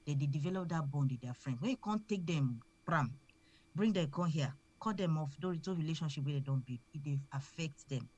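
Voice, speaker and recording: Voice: medium pitch, brisk, darkish tone, husky. A speaker with a Nigerian accent giving earnest advice to parents, often repeating words while building a point. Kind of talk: advice talk.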